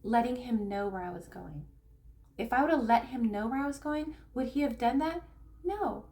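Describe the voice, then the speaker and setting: Candid, halting higher-voiced woman coach. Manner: candid, halting, repeats phrases while recounting; soft, grounding, reflective. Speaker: spiritual coach and tarot reader. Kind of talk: personal teaching talk to camera.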